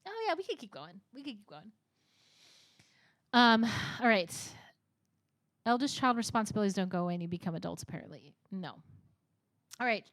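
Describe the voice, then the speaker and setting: A woman's voice: medium pitch, lively intonation, fairly quick, pauses often, fairly bright tone, dry recording, studio quality. A young woman streaming a narrative game, reading its text aloud and reacting with frequent giggles.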